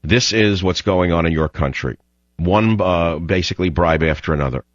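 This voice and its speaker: A man's voice: deep voice, moderate pace, no room sound. A man hosting talk radio, delivering an emphatic, fiery ranting monologue on dull lo-fi audio.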